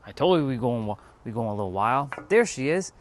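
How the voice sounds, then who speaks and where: A man's voice: mid-range voice, very animated, fast talker. Man from north america, casual livestream chat, faint background hiss. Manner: chatty, laughing, talking to viewers while making a drink. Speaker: livestream host.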